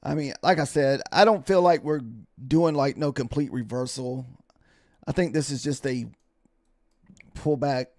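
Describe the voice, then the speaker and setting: A man's voice: medium pitch, a little slow, pauses often, no echo. Tired male streamer talking through his trades, casual and rambling, dry close mic. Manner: relaxed, rambling, thanks followers by name. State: tired, yawning. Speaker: livestream futures trader. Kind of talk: casual live-stream commentary.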